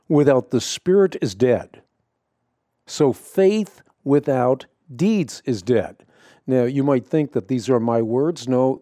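A man hosting a radio Bible program, explaining scripture in a measured, emphatic way with frequent fillers and restarts. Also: medium pitch, warm tone, no echo, studio quality. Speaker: radio show host answering Bible questions. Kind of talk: radio teaching monologue.

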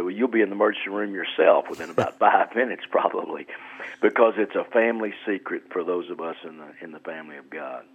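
A man's voice: low-pitched, fast, husky. A man, a pastor, explaining scripture in an earnest radio interview, often repeating words as he restarts. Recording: tinny phone-like radio line.

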